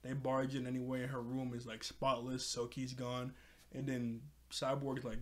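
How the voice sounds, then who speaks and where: A man's voice: mid-range voice, completely flat delivery, normal speed. A man casually recapping a cartoon episode in a rambling, self-correcting, offhand way.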